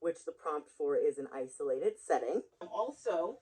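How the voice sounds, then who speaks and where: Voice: medium pitch, expressive, normal speed, a little mellow, slightly rough, low-quality recording. A book vlogger chatting casually to camera in a rambling way, often laughing at their own jokes, recorded on a built-in camera mic.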